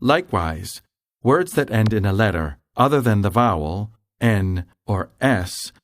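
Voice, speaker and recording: A man giving scripted, measured explanations as a language instructor. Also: on the low side, expressive.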